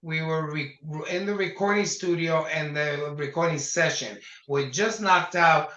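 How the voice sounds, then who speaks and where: An older man, a singer, chatting in an interview and telling animated stories from his career. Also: a little high, a little slow. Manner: animated storyteller, acts out quotes. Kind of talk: casual interview conversation. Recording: echoey dull lo-fi sound.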